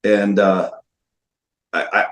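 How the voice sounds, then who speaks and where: A man's voice: on the low side, flat delivery, takes it slowly. Emphatic man telling a story, roomy sound. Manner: emphatic, repeats phrases for stress. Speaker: documentary filmmaker guest. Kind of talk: storytelling interview.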